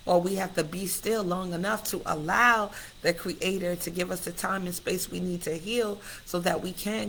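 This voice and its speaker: Gravelly, bright-voiced woman confiding to viewers. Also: mid-range voice, low-quality recording. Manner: heartfelt, confessional, preacher-like cadence; addresses viewers directly and often. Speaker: host of her own live stream. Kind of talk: candid personal livestream talk.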